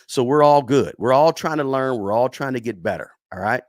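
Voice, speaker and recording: A middle-aged man teaches on a casual livestream, leaning on repetition and checking in with "right?" as he goes. His voice sits at an ordinary middle pitch. The sound is dry and close, with no room echo. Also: expressive, fairly quick. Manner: repetitive, emphatic, tags lines with "right?"; chatty and encouraging toward viewers. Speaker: livestream host teaching investing. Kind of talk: casual livestream lesson, reading chat.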